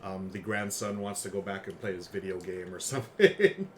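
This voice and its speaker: A man's voice: low voice, normal speed, slight background noise. Chatty man co-hosting a game stream. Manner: chatty, laughing, talks with mouth full. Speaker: game show co-host. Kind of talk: casual livestream chat.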